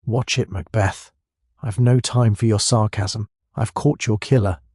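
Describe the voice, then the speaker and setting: An actor voicing a blustering, pompous police chief inspector who bellows and sneers. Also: male voice, fairly low pitch, fairly even intonation, unhurried, a little mellow, dry recording, clean studio sound.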